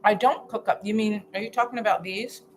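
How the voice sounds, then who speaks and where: A woman's voice: mid-range voice, fairly quick, a little hiss or hum, rough recording. Chatty woman cooking live in her kitchen. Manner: chatty, thinks aloud while chopping, with restarts and hums of tasting. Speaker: healthy-eating coach hosting a live stream. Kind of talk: casual live cooking chat. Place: home kitchen.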